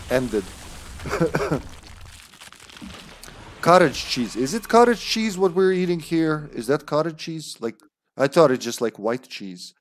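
A man's voice: mid-range voice, slight background noise. A man streaming a game live, commenting with jokes, frequent swearing and laughter. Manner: joking, swearing, laughing often.

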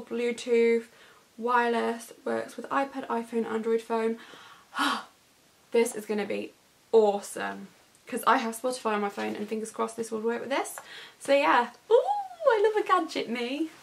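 A woman's voice: on the high side, gravelly, fairly bright tone. A young woman in her bedroom, gushing breathlessly as she unboxes gifts in a chatty vlog. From England. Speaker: lifestyle vlogger. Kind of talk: excited unboxing chat.

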